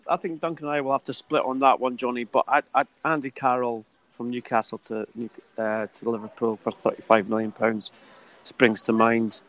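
A man's voice: medium pitch, poor audio. A man chatting about football in a casual podcast, telling stories with some hesitation. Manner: anecdotal storyteller, hesitant. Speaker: football pundit.

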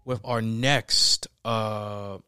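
A young man giving a casual, animated spoken film review, emphatic and slangy, swearing freely. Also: fairly low pitch, drawn-out words, clean tone, no room sound, studio quality, faint music behind.

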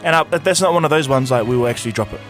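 A man's voice: mid-range voice, rapid-fire, faint music behind. A man hosting a casual morning radio show, reading out news items and hyping up listeners. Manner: animated, hypes up the audience. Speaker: radio host. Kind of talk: casual breakfast show chat.

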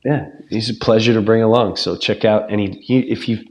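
A man's voice: fairly low pitch, fairly even intonation, a little fast. A man hosting a podcast, telling stories in a rambling, laid-back way. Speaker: podcast host. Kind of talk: casual chat.

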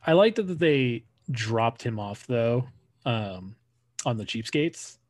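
Lively-voiced man chatting on a podcast. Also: mid-range voice, slow, no echo, clean studio sound. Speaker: podcast co-host. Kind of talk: casual chat.

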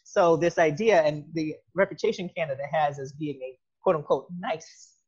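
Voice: medium pitch, normal speed, darkish tone, breathy edge. A speaker hosting a casual conversation, talking reflectively with many fillers and asides. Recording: dull lo-fi sound.

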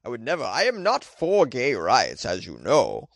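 A man's voice: medium pitch, huge pitch swings, normal speed, a bit bright, no echo, exaggerated voice. A man doing a comic impression of a flustered foreign male politician, using a put-on foreign accent and pleading denials.

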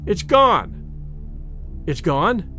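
Casual: guy reading as a rattled swedish traveller, forced laugh in his voice, pitch jumping around, faint music under it. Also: very animated, normal speed. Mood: agitated. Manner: forced mirthless laughter, blurting. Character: shaken Swedish male traveling companion.

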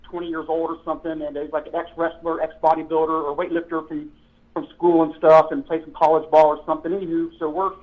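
A man's voice: fairly high pitch, flat delivery, fast. A man, a former police officer, telling old patrol stories in casual chat, rambling and correcting himself as he goes. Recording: tinny phone-like line.

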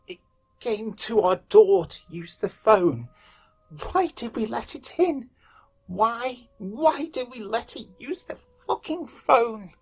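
A man's voice: on the high side, moderate pace, breathy edge. A man voicing a terrified husband on the phone, pleading and cracking under strain. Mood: frantic. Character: frantic, terrified middle-aged husband on the phone.

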